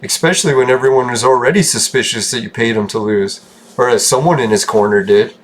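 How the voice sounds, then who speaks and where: A man's voice: medium pitch, a little fast. A man from Canada giving rambling, casual commentary over gameplay, joking, swearing and laughing often. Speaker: gaming channel host.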